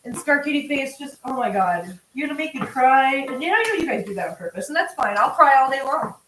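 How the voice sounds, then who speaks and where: A woman's voice: high voice, animated, a little fast, slight background noise. Effusive woman cooking in an echoey kitchen. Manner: effusive, emotional, thanks viewers warmly. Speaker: cooking livestream host. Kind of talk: casual live-stream chat while cooking. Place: home kitchen.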